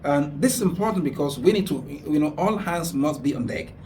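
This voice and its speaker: A man's voice: on the high side, expressive, a little fast, a little mellow, far from the mic. Man, radio host, earnest preaching advice, repeats for emphasis, faint background noise. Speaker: radio talk show host. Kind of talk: religious advice talk. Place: radio studio.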